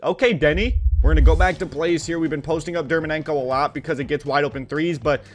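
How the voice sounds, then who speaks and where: This fairly high-voiced man runs a gaming channel and calls the action of the basketball video game he's playing, with a little background noise audible. Excitable and quick to anger, he talks right at the players, using slang and swearing freely.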